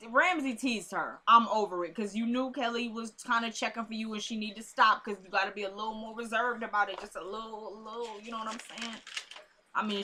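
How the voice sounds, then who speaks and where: A woman's voice: medium pitch, sharp tone. A young woman, chatting casually as she recaps a TV episode and retells the scenes with quoted lines and asides.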